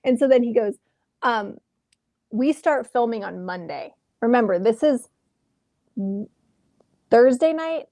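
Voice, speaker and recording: A woman in her thirties, an actress telling a lively story in a casual interview from home over a video call, acting out the exchanges she quotes. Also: on the high side, a little slow, pauses often, no room sound. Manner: animated, acts out quoted exchanges. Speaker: actress guest.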